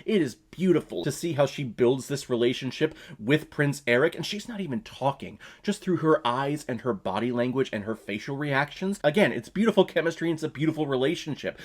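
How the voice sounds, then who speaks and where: A man hosting his own movie review vlog, talking casually and emphatically and laughing often. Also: on the high side.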